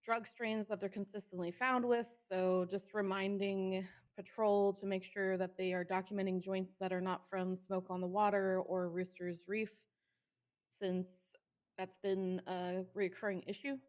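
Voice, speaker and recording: A woman giving a steady, matter-of-fact report while chairing a police roleplay meeting. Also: medium pitch, unhurried. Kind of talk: casual roleplay chat.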